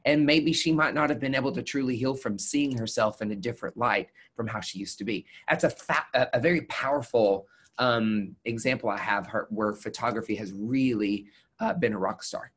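Man, nurse injector, webcast guest, casual chat, animated storytelling. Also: mid-range voice, moderate pace, husky. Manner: animated storyteller, acts out quotes.

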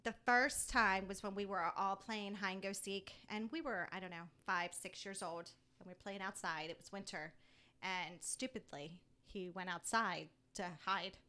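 A middle-aged woman chatting as a podcast guest, telling a story with lively acted-out dialogue. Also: medium pitch, moderate pace. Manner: animated storyteller who acts out quoted dialogue. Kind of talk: casual chat.

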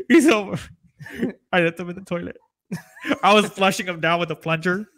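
A man's voice: high voice, normal speed, a bit bright. A man playing a giggly, rambling Grinch. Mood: chatty, joking. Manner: rambling, giggly, tells tall tales. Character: mischievous green male Grinch, greedy, onion-loving. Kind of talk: in-character comedy interview.

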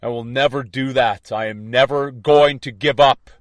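A man's voice: mid-range voice, steady tone, normal speed, no room sound. A man giving an impassioned spiritual monologue, intense and defiant, repeating his points. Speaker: online preacher.

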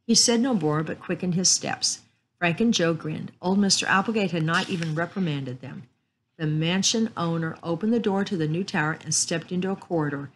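Calm, low-voiced woman reading aloud. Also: a little fast, slight background noise, poor audio. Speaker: storyteller. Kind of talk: reading a chapter book and Bible story aloud.

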